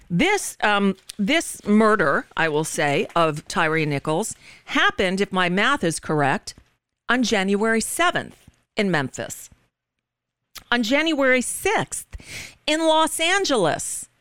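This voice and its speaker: A woman radio host speaking with passion and indignation, her pitch rising and falling in lively swings. Her voice is smooth and resonant, heard on a close studio mic in a dry, dead room. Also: no room sound. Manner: impassioned, indignant storytelling. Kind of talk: political talk show commentary.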